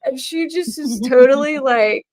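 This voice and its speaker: A woman's voice: high-pitched, a little slow. A middle-aged woman hosting a true crime talk show, chatting casually and acting out the people in her stories. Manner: animated storyteller, acts out quoted voices. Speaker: true crime podcast host. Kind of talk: casual chat.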